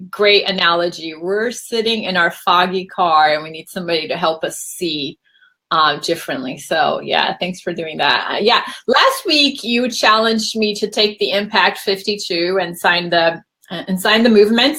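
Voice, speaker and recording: A woman hosting a casual chat, telling a personal story in a chatty way with lively quoted asides. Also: mid-range voice, moderate pace. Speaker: host.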